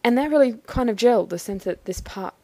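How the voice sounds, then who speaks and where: A woman talking through a personal experience in a thoughtful, halting, measured way. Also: a little high, expressive, warm tone, dry recording. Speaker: vlogger. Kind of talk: personal reflective monologue.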